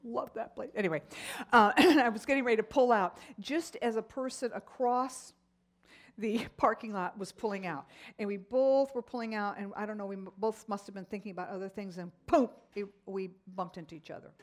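A middle-aged woman teaching a Bible lesson, telling stories in an animated way with frequent exclamations. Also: mid-range voice, fairly quick.

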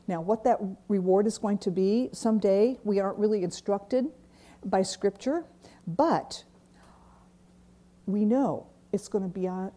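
A woman's voice: medium pitch, mellow. A woman teaching a weekly Bible class, speaking earnestly and repeating key phrases for emphasis. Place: church classroom.

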